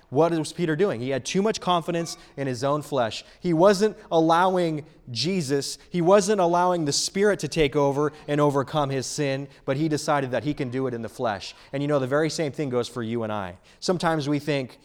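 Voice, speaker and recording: A male preacher delivering a sermon, animated and emphatic, repeating key phrases for weight. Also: on the high side, normal speed, few pauses.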